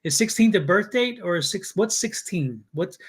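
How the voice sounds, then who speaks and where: A man's voice: high voice, animated, normal speed, fairly bright tone, slight background noise. A man doing a live psychic reading, searching for impressions and thinking aloud in broken fragments. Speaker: psychic tarot reader.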